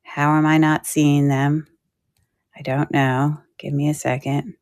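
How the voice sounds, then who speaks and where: A woman's voice: sits low, flat delivery, measured pace, a little mellow, clear, resonant tone. A woman hosting a live jewelry sale, chatting casually with her viewers and laughing easily. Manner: chatty and giggly, with frequent fillers. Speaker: online shop host selling jewelry on a live stream. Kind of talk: casual live-stream selling chat.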